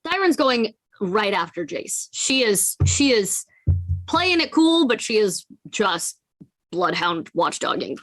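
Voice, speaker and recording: A woman's voice: mid-range voice, very animated, a bit bright, dry recording, soft background music. A woman playing a tabletop role-playing game, joking playfully and swearing freely as she describes her character. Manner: playful, profane, quick with jokes. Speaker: player.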